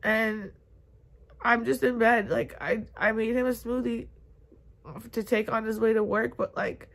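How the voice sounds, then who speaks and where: A young woman in her twenties vlogging from bed, upset and near tears, talking haltingly with many fillers. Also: on the high side, steady tone, gravelly. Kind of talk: confessional vlog. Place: bedroom, in bed.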